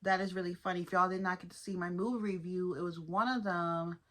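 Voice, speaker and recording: A woman chatting casually to her viewers as she reviews a cartoon episode, lively and informal. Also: on the low side, brisk. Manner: chatty, animated, addresses viewers as y'all. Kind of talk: casual commentary.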